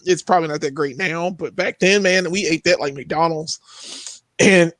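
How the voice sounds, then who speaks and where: Young guy on a movie podcast, high voice swooping all over, dry close sound. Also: unhurried, no echo. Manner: animated, jumps into high exclaiming tones. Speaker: podcast co-host. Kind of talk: casual chat.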